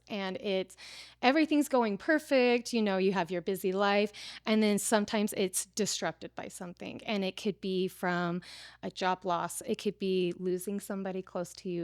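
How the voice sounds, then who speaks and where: A woman's voice: medium pitch, no room sound, studio quality. A woman in her thirties, a preparedness teacher and interview guest, telling her story casually with lots of "like" fillers.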